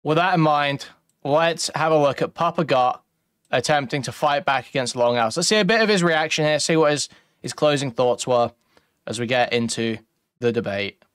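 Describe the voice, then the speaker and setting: A man's voice: fairly high pitch, moderate pace, fairly bright tone, smooth, no room sound. Blunt, foul-mouthed man, dry close sound. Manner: blunt, profane, mocking. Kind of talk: casual reaction commentary.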